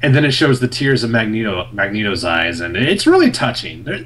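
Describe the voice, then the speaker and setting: A young man on a podcast, recapping a comic in casual chat, full of fillers and quick laughs. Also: fairly low pitch, a little hiss or hum. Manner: animated storyteller, many fillers, laughs often. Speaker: podcast co-host reviewing a comic.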